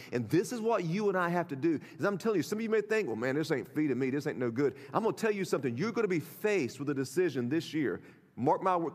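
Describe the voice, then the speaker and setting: A man's voice: a little high, long reverb tail. A male pastor delivering a sermon in an emphatic, conversational way, speaking straight to his listeners. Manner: emphatic, conversational preaching with direct address. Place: church sanctuary.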